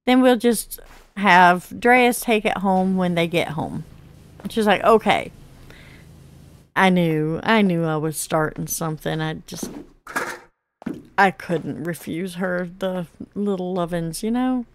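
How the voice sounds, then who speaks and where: A woman's voice: lowish voice, takes it slowly. A woman hosting a gaming video, casually telling a personal story while she plays, laughing often and acting out the quotes with big jumps in her voice. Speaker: gaming channel host.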